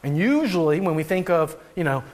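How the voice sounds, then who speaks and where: A man's voice: fairly high pitch, lively intonation, fairly quick, a little mellow. A man preaching a sermon as pastor, reading scripture aloud and then talking it through with light chuckles and voiced asides.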